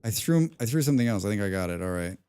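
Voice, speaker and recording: A young man commenting live on a survival game, excitable, talking to himself, humming and swearing between moves. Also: fairly low pitch, very fast, clear, resonant tone. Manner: excitable, talks to himself, hums and mutters while playing; swears often. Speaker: streamer.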